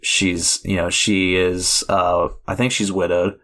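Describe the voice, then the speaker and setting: Low-voiced man rambling about films. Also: flat delivery, takes it slowly, fairly bright tone. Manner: rambling, many fillers and restarts. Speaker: podcast co-host. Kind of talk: casual film discussion.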